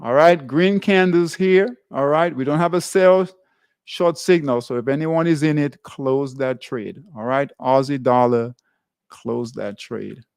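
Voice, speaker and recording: A man hosting a live trading class, stepping through currency pair charts in a halting way and filling the gaps with "all right". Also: mid-range voice, darkish tone, clean tone, dry recording, clean studio sound. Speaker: trading show host.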